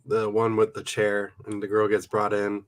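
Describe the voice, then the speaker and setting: A man's voice: on the low side, monotone, moderate pace. A man co-hosting a reselling livestream, energetically greeting viewers in casual chat.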